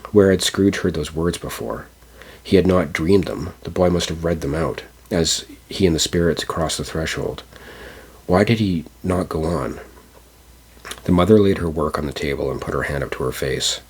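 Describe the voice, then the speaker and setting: Deep husky male storyteller. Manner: measured reading with small stumbles. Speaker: audiobook narrator. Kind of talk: storybook reading.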